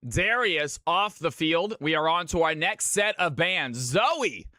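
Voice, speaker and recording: Male esports shoutcaster and stream host, upbeat announcer energy, bright higher voice, dry close sound. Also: lively intonation, takes it slowly, dry recording. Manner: hype announcer, greets chat viewers by name. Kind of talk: live esports commentary.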